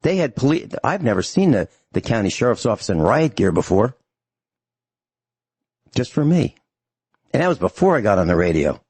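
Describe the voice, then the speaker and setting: An angry male talk radio host delivers an emphatic monologue. His voice is husky and sits at an ordinary pitch. The sound is dry and close. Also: big pitch swings, normal speed, pauses often, a little mellow, no echo.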